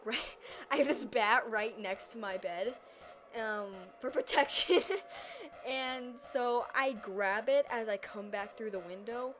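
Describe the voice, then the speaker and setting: A teenage girl telling a personal story in a casual vlog, animated and dramatic, acting out her own reactions. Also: mid-range voice. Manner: animated, dramatic retelling with acted-out quotes.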